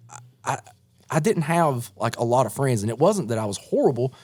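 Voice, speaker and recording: A man with a strong East Tennessee accent, an energetic guest telling stories in casual podcast chat. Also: medium pitch, fairly quick. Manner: energetic storyteller, quotes people in voices. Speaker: guest, musician.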